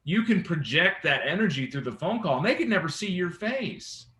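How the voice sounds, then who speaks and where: A man coaching a sales team, his voice bright and a touch high. He talks in an animated way and keeps asking the room for agreement. The sound bounces around an echoey meeting room. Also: moderate pace. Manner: animated, engaging, asks the room often. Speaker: real estate sales trainer. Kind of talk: sales training talk to a team.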